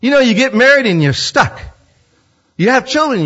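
Animated preacher, husky voice. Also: male voice, extremely high pitch, a little fast. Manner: animated storytelling, acts out quotes. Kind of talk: sermon. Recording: dull lo-fi sound.

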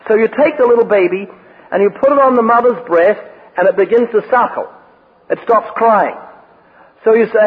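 A man's voice: high voice, expressive, fairly quick, husky. A man preaching a sermon and telling a personal story, with emphatic quoted lines. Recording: tinny phone-like radio broadcast with long reverb.

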